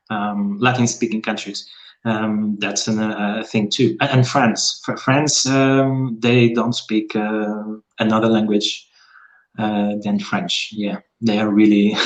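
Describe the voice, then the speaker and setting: A young man, speaking English in casual chat. His voice sits on the low side, and he keeps things chatty and playful, often with a joke. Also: rough recording. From Portugal. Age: young adult. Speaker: conversation partner.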